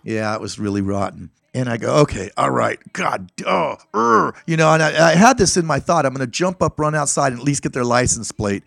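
A middle-aged man from Northern California telling a long personal story in a casual interview, acting out what people said with animated outbursts. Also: quick pace, creaky, hardly any pauses, no echo, clean studio sound. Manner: animated, acts out quotes with sudden high-pitched outbursts. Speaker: interview guest.

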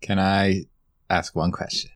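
A man's voice: low-pitched, little pitch movement, measured pace. A man playing in a tabletop role-playing game, talking casually and thinking aloud about what his character does. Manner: easygoing, thinks aloud with fillers. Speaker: player.

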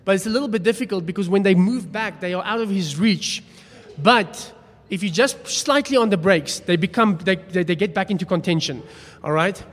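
A man's voice: high voice, moderate pace, hardly any pauses. A man preaching a sermon, telling a story in a chatty, self-deprecating way. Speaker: pastor. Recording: long hall reverb.

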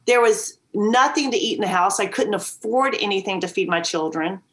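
A woman's voice: mid-range voice, moderate pace, hardly any pauses, fairly bright tone. Woman, podcast guest, earnest, emphatic, storytelling, video call. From Virginia. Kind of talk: candid storytelling interview.

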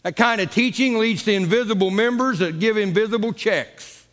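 A man's voice: high-pitched, moderate pace, a bit bright. A pastor preaching a folksy, repetitive sermon in his church sanctuary. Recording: long church reverb.

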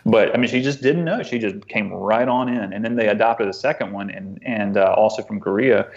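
A man telling a personal story as an interview guest, earnest and halting, often restarting his sentences. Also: lowish voice, muffled recording. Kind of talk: conversational storytelling.

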